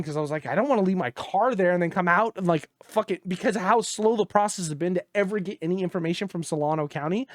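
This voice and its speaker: High-voiced man telling a profane story. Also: no echo, clean studio sound. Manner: profane, exasperated, drops his voice low when quoting others. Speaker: gaming podcast co-host. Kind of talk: casual storytelling chat.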